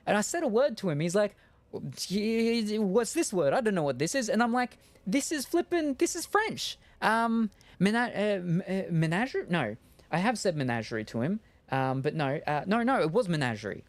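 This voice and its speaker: A man's voice: a little high, no echo. A man streaming a video game, chatting casually and rambling, with many fillers and restarts. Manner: meandering, full of fillers and restarts. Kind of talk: rambling casual chat while gaming.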